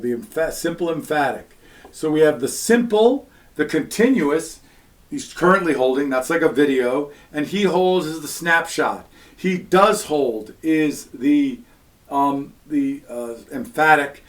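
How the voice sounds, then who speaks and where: Man, Latin teacher, patient step-by-step explainer, slightly higher voice, fillers between points. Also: unhurried. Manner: patient step-by-step explaining, frequent "all right" and "um". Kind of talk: recorded classroom lesson.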